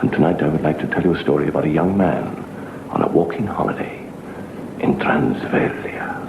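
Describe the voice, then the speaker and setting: A middle-aged man, a comedian and host, telling a spooky tale slowly and dramatically, dropping to a hush in places, on a dull, hissy old TV recording. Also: extremely low pitch, vocal fry. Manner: slow, dramatic, hushed in places. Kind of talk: theatrical storytelling.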